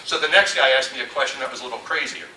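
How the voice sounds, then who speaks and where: A man giving a storytelling keynote talk, animated and acting out the voices he quotes. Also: mid-range voice, rapid-fire, slight background noise. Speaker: conference speaker. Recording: echoey hall from far off.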